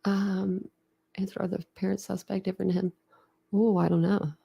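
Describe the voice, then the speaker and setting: Gravelly-voiced woman chatting on a livestream. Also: mid-range voice, little pitch movement, moderate pace, highs cut off. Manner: chatty and emotional, laughs often, trails off and restarts. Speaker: host of a true crime channel. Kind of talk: casual livestream chat, reacting to viewer comments.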